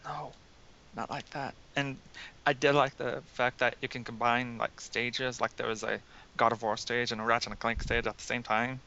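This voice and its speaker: A man's voice: medium pitch, level tone, normal speed, sharp tone. A man co-hosting a casual gaming podcast, talking bluntly and with strong opinions. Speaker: podcast co-host. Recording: dull lo-fi with faint hiss.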